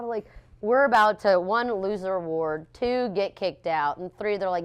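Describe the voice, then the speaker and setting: A young woman, a pastry chef, telling stories in a casual interview, animated and laughing often as she acts out what people said. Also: medium pitch, normal speed, clear, resonant tone.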